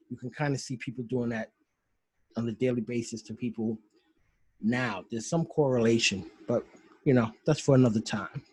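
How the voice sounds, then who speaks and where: A man's voice: mid-range voice, mellow, slightly rough, dry recording, low-quality recording. A man hosting a podcast over a video call, retelling favorite scenes in an enthusiastic, rambling way. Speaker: podcast host. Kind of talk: casual commentary.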